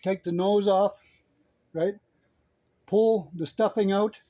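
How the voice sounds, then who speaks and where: A man's voice: sits high, fairly even intonation, takes it slowly, mellow. A man hosting a casual cooking vlog, chatting as he shows the meal and teasing a pet chicken, often asking "right?". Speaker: outdoors channel host.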